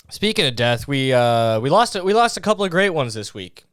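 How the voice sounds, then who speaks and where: A man's voice: mid-range voice, a bit bright, no room sound, clean studio sound. A young man hosting a comedy podcast, rambling and swearing with lots of filler words. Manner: rambling, profane, full of fillers. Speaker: podcast host.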